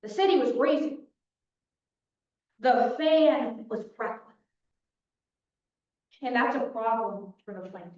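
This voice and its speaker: A woman's voice: on the high side, lively intonation, slow pace, pauses often, a little mellow. A young woman giving a dramatic opening statement as defense attorney in a mock trial, telling the story in punchy short sentences. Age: young adult. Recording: dull, echoey hall from far off.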